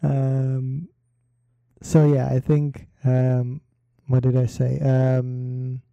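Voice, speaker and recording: A man hosting a casual solo talk, rambling with many fillers and pauses in a relaxed delivery. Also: medium pitch, vocal fry, no echo, lo-fi sound. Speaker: podcast host.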